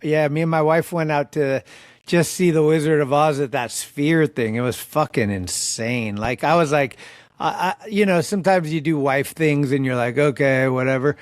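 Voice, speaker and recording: A man's voice: fairly high pitch, moderate pace, dry recording, clean studio sound. Laid-back man hosting a podcast. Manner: laid-back, chatty, casual swearing. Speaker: podcast host. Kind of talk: casual interview chat.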